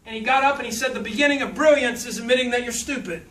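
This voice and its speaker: This is a motivational speaker from South Louisiana, folksy and comic, telling stories and doing voices when he quotes people. His very high voice moves fast with a bit of brightness, captured far away in a hall full of echo.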